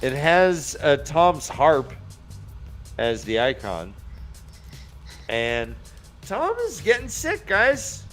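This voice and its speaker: A man's voice: on the high side, very animated, extremely slow, long pauses, fairly bright tone, soft background music. A man hosting a casual book discussion podcast, loosely recapping chapters with asides and some swearing. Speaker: podcast host.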